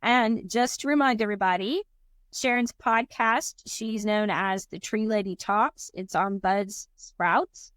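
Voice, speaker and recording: A woman's voice: mid-range voice, measured pace, fairly bright tone, no room sound. A woman hosting a podcast from the United States, closing an interview in a polite, upbeat, formal way. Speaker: podcast host. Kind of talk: scripted interview wrap-up.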